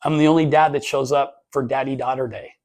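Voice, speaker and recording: A man giving a motivational talk to a live audience, an animated storyteller who acts out voices in his anecdotes. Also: medium pitch, fairly quick. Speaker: speaker.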